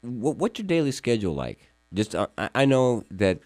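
A man hosting a radio talk show in a studio, asking questions in a halting way with many fillers and restarts. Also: medium pitch, sing-song, darkish tone, dry recording. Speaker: radio show host and attorney. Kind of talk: conversational radio interview.

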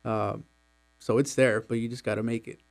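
A young man from Mexico in his twenties, a student guest in a radio studio, answering thoughtfully with many pauses and fillers. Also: mid-range voice, little pitch movement, gravelly, clear, resonant tone. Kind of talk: interview answers.

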